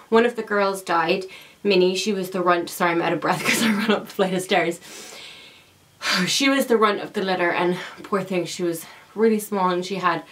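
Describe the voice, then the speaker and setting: Chatty young woman vlogger. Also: fairly low pitch. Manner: chatty and affectionate, laughs often. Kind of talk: casual chat to camera.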